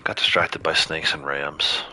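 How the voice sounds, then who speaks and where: A man's voice: rumbling low, little pitch movement, a little slow, bright, forceful tone. A man giving casual, chatty commentary to viewers while playing a game on a livestream.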